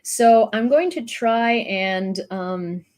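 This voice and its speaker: A woman's voice: fairly high pitch, takes it slowly, darkish tone. Chatty woman news vlogger. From Ukraine. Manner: chatty, rambling, many fillers and restarts. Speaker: YouTube news host. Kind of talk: casual news commentary.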